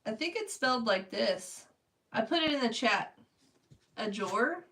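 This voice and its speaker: Woman streamer painting live, talks slow and a touch high, chatty and giggly, mic a little distant. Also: lively intonation, a bit bright. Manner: chatty, answers viewers by name, laughs often. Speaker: livestreaming artist. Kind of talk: casual live-stream chat while painting.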